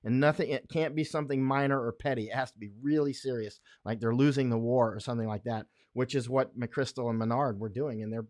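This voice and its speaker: A man's voice: mid-range voice, no room sound, clean studio sound. Rambling American man on a livestream. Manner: rambling, folksy, laughs often. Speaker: livestream host. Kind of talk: casual livestream chat.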